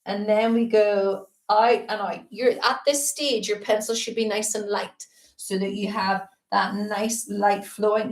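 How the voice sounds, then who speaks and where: A woman's voice: mid-range voice, a little mellow. A woman teaching a live-streamed painting lesson, chatty and upbeat as she greets viewers between steps. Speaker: art teacher. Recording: roomy echo.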